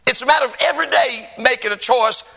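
A man's voice: extremely high pitch, fast, creaky, pushed and bright, low-quality recording. A man preaching a sermon as pastor, stressing and repeating key phrases.

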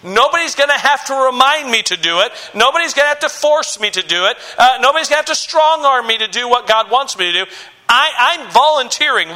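A man's voice: very high voice, expressive, a little fast, bright, forceful tone. A male pastor preaching a sermon, emphatic and repetitive, often restarting and stammering as he makes his point.

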